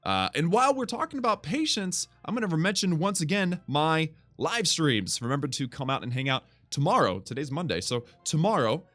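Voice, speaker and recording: A young man giving casual, excitable commentary over his own gameplay as a gaming YouTuber. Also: normal speed, few pauses, soft background music. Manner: excitable, bursts of high-pitched excitement.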